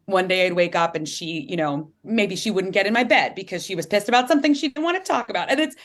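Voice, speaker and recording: A woman in her thirties, an author talking candidly as an interview guest, animated and chatty, full of "like"s. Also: medium pitch, fast. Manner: animated, chatty, many "like"s, playful voice impressions.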